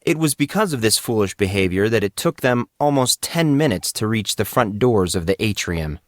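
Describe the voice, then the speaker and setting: A man narrates an audiobook in a steady, measured reading voice that sits on the low side. The recording is dry, with clean studio sound.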